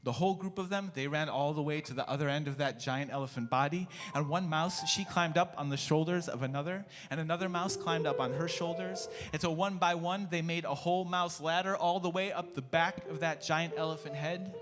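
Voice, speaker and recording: A man leading worship, telling a story to a congregation in an expressive, animated way. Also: on the high side, brisk, hardly any pauses. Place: church sanctuary. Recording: echoey church hall, faint music.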